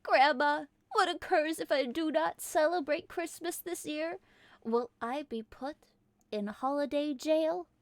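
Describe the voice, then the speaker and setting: A woman's voice: sits high, measured pace, no echo, voice pushed up. A woman voicing a lonely, earnest young woman in a comic storybook reading. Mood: plaintive.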